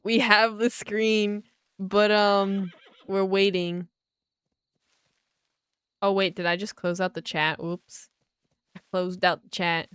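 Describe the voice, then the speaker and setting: Excited young woman livestreaming a game. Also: mid-range voice, slow, long pauses, clean tone, dry recording. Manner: excited, chatty, addresses viewers as guys. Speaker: livestreaming gamer. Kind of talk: casual livestream chat.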